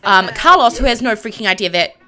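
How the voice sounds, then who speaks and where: Young woman game streamer, bubbly and giggly, bright voice that swings up and down. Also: mid-range voice, animated, brisk. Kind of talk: casual live-stream narration of a life-sim game.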